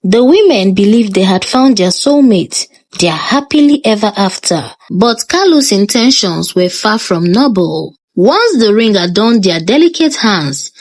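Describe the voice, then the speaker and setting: A woman with a Nigerian accent giving scripted narration of a moral folktale, expressive and lilting. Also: medium pitch, measured pace, hardly any pauses. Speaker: storyteller.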